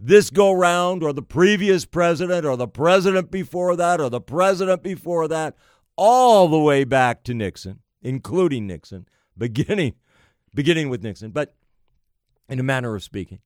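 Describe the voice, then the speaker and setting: A man delivering an emphatic political monologue, slow and deliberate, piling up phrase after phrase. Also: a little high, animated, dry recording, clean studio sound. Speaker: political commentator.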